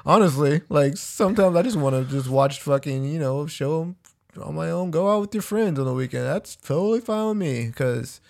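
A man's voice: fairly high pitch, lively intonation, moderate pace, creaky, darkish tone. A young man co-hosting a podcast, chatting in a laid-back, profane, agreeable way. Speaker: podcast co-host. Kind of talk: casual chat.

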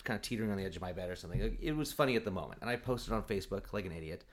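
A man's voice: deep voice, rapid-fire. A man casually telling a comic personal story, acting out the voices in his quotes and laughing often. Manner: animated, acts out quotes, laughs often, many fillers.

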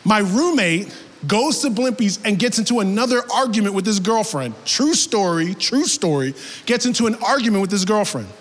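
A young man preaching a sermon as an animated storyteller, dropping his voice low for quoted people and rising to shouts. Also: moderate pace. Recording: long hall reverb.

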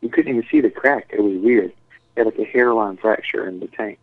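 A man's voice: fairly low pitch, fairly quick, dry recording. A man telling a rambling story in casual chat, swearing and saying "dude" and "like" a lot. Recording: tinny phone-like sound, dry.

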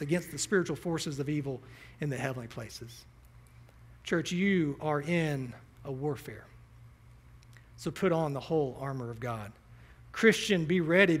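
A man's voice: on the high side, a bit bright. A male pastor preaching a sermon, building emphasis and asking the congregation rhetorical questions.

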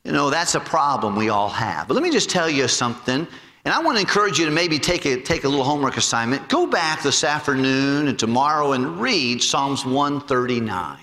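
A man preaching with lively, swinging pitch and a bright, forceful tone. He tells stories and acts out the voices of the people in them. His voice carries a long reverb, as in a big church hall. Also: fairly quick. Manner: animated storytelling, acts out voices and jokes. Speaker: pastor. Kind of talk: sermon.

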